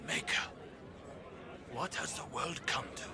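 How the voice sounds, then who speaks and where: A man's voice: a little slow, a loud crowd, very noisy, lightly acted. An actor playing a grim, wary male soldier who mutters somberly.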